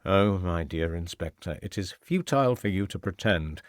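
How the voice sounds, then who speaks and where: Male reader doing the audiobook villain: deep, sneering, menacing gentleman, dry studio sound. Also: expressive, normal speed, no echo. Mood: gloating. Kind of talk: audiobook character voice.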